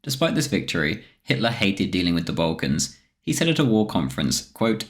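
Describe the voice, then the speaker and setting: Deep-voiced man narrating history. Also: big pitch swings, a little fast. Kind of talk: scripted documentary narration.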